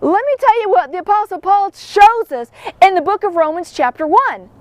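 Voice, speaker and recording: A woman's voice: very high voice, expressive, moderate pace, no echo. A woman giving a Bible devotional, talking earnestly and acting out the quoted voices in her story. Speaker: devotional teacher.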